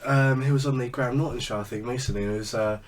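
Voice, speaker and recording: A man's voice: mid-range voice, rapid-fire, recorded from a distance. A man co-hosting a casual podcast chat, rambling with lots of fillers and restarts. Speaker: podcast co-host.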